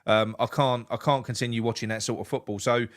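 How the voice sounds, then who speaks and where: A man talks quickly and restlessly about the match. He repeats words as he gathers his thoughts and swears freely. He speaks in a middle-pitched voice. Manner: animated, swearing, repeats himself. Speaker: fan co-host. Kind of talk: casual football reaction chat.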